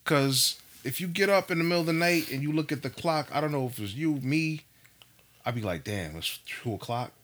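A man telling a story in a casual chat, animated and profane, full of slang. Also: a little high, a little fast.

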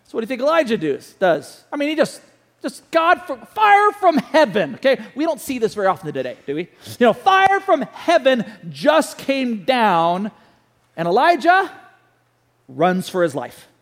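A man preaching a sermon, telling a story with animated delivery and putting questions to the listeners. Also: extremely high pitch, normal speed, in a large hall. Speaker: pastor.

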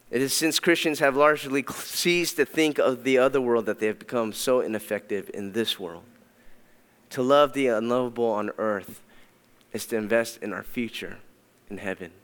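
A man's voice: medium pitch, a bit bright, clear, resonant tone, long reverb tail. A man preaching a sermon as a pastor, emphatic and repeating phrases for stress. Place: church sanctuary.

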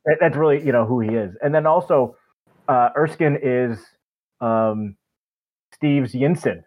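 A man's voice: mid-range voice, a little slow, darkish tone, a little hiss or hum. A man co-hosting a casual movie podcast, talking enthusiastically and rambling through restarts. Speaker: podcast co-host. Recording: tinny phone-like line.

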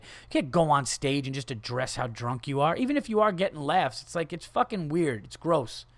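A man's voice: medium pitch, a little fast, dry recording. A man hosting his own podcast, ranting in casual comedy style, swearing freely and acting out the people in his stories. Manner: profane, animated, acts out quoted people. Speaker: podcast host. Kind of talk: casual solo comedy rant.

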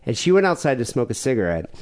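Guy in his 40s chatting on a podcast, mid pitch, super lively, keeps laughing. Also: quick pace. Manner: storytelling, acts out quoted people, laughs often. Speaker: podcast host. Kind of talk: casual chat.

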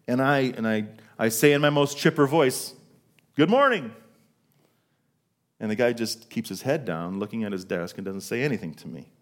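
Middle-aged guy preaching a sermon, normal pitch, tells a story, asks the crowd questions. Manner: storytelling, asks the congregation questions, slows for emphasis. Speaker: pastor.

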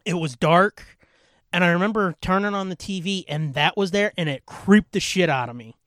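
A man's voice: sits high, moderate pace, a bit bright, dry recording. A man in his thirties hosting a live podcast chat, telling a story in a loose, rambling way and swearing freely. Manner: profane, rambling storytelling with filler words. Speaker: podcast host. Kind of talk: casual live chat on a voice call.

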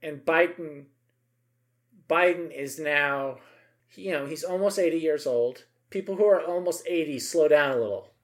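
A man's voice: on the high side, a little slow. A middle-aged man co-hosting a podcast, chatting casually and emphatically about politics, with many asides and tag questions.

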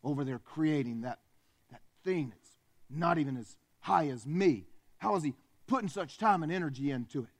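A man's voice: fairly high pitch, animated, moderate pace. A man voicing Satan as a proud, seething fallen angel, muttering bitter and boastful lines in a dramatized sermon. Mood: scornful disbelief.

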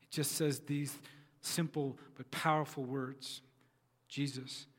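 A man's voice: on the high side, little pitch movement, a little slow, fairly bright tone. Earnest male pastor in a reverberant hall. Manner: earnest storytelling with repeated phrases. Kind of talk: sermon.

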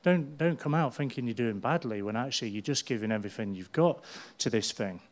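A man's voice: medium pitch, animated, brisk. A middle-aged man preaching a sermon with chatty, humorous storytelling. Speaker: pastor.

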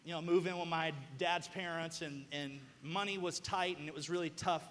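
High-voiced animated man preaching in a reverberant hall. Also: normal speed, slight background noise. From southern United States. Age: young adult. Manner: animated storytelling, bursts of shouting. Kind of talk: sermon.

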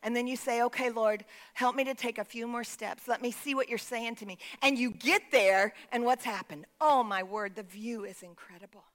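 Woman, pastor, sermon, call-and-response, high voice, long hall reverb. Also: moderate pace, hardly any pauses. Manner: preaching with call-and-response to the congregation.

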